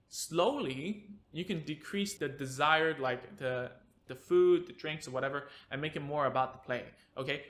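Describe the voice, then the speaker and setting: A man with a bright, forceful voice, a touch higher than most, explains play skills to parents. His delivery is energetic and conversational, and he checks in often with quick tag questions. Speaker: speech therapist. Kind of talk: educational video talk to parents.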